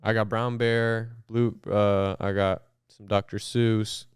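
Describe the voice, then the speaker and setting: A man co-hosting a podcast, chatting casually with a dry, teasing edge. His voice is smooth and clean, and the recording is close and dry with no room sound. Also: lowish voice, little pitch movement, slow pace, dry recording. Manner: dry, teasing, laid-back. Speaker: podcast co-host. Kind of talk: casual chat.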